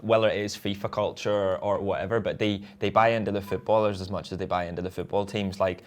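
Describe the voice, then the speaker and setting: A man talks football in a relaxed, chatty way. His voice sits fairly low, and his sentences run on loosely, broken up by easy laughs. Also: quick pace. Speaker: podcast co-host. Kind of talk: casual football chat.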